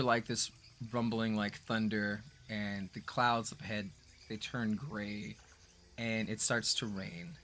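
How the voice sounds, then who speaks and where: Man running a tabletop game, mid voice, laid back and rambly, lots of ums. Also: medium pitch. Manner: relaxed, rambling, lots of fillers. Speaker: game master.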